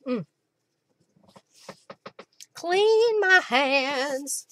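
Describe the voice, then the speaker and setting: A woman's voice: high-pitched, animated, drawn-out words, fairly bright tone, no echo. Chatty woman hosting a craft stream. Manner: chatty, thanks viewers by name, clears throat often. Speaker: craft live-stream host. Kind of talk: casual live-stream craft demo.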